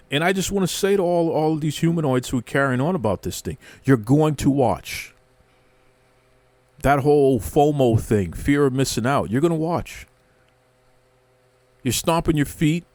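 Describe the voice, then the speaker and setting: Male host, sarcastic mock-outrage rant, animated pitch, dry close sound. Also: no echo. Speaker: wrestling commentary host.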